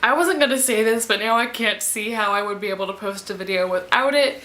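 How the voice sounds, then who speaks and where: A young woman vlogger chatting casually and gushing excitedly, with gasps and squeals. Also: medium pitch, fairly quick, reverberant. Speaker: book vlogger. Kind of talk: casual vlog chat.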